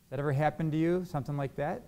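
A man's voice: on the high side, rapid-fire, dark tone. A man preaching a sermon to a congregation. He asks his listeners questions and acts out quoted arguments. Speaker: pastor.

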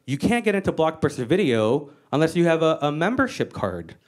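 Woman doing flat, deadpan stern parents. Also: deep voice, fairly quick.

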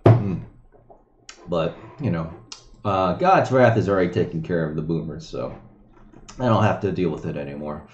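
A man's voice: low voice, expressive, moderate pace, long pauses, darkish tone, roomy sound, highs cut off, a little hiss or hum. A man hosting a casual commentary show, reading crypto news aloud and ranting about it with sarcasm, swearing and many fillers.

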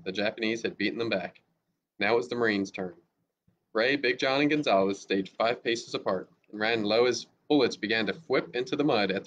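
A man's voice: on the low side, fairly bright tone. A male teacher reading a novel aloud steadily, with small slips now and then. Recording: dull lo-fi recording with faint hiss.

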